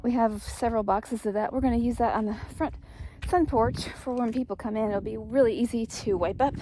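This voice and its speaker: A woman's voice: a little high, a little fast, noisy background. A middle-aged woman, casually chatting in a homestead vlog while walking outdoors. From East Tennessee. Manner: chatty, rambling, upbeat. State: out of breath. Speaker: homestead vlogger.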